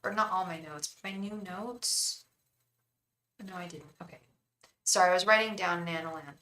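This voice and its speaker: Chatty woman tarot reader with a bright voice. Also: lowish voice, normal speed, rough recording. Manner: rambling, chatty, talks straight to viewers by name; casual slang, calls viewers "girl" and "hun". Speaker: tarot reader and psychic on a live stream. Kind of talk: casual live-stream chat and card reading.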